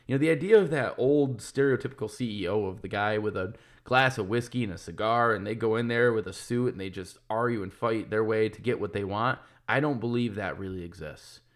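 This man in his thirties has a fairly low voice and talks fairly quickly with few pauses. A podcast host who also owns a business, he delivers a casual, candid monologue, cursing freely and starting sentences over as he works through his thoughts.

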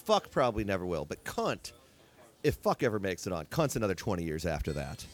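A man's voice: low voice, big pitch swings, a little fast. A man hosting a podcast, chatting casually in a bar and rambling with lots of fillers. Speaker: podcast host. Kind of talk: casual bar-room chat. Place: bar, indoors.

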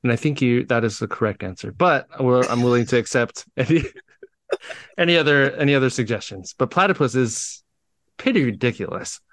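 Male podcast host, mid pitch, dry close sound, halting casual delivery. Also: expressive, a bit bright, dry recording. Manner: halting, restarts often. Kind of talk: casual chat.

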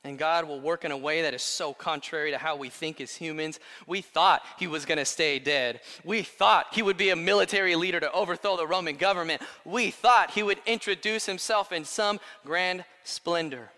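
A male pastor preaching a sermon, animated, swinging between quiet asides and loud declarations. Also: fairly high pitch, moderate pace, hardly any pauses. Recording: long hall reverb.

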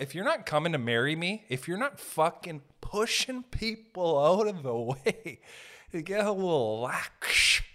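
A young man hosting a podcast, ranting in a rambling, profane, comic way and jumping into quick made-up voices. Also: medium pitch, expressive, sharp tone. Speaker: podcast host. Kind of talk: solo comedic rant.

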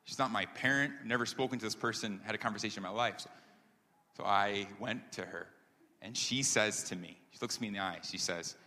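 Earnest pastor with a forceful voice. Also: male voice, lowish voice, fairly quick. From upstate New York. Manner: earnest and conversational, many ums, building to emphatic. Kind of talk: personal testimony sermon. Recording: long hall reverb.

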